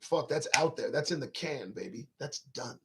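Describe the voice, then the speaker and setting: A man's voice: medium pitch, lively intonation, normal speed, noisy background. A man hosting his own talk show, riffing in a casual live-stream monologue to viewers' chat, profane, rambling and emphatic.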